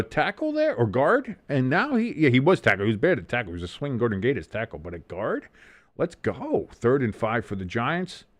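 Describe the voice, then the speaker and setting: Animated man hosting a game watch-along. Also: medium pitch, no echo, clean studio sound. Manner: casual and profane, reads the chat. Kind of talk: live game commentary and chat.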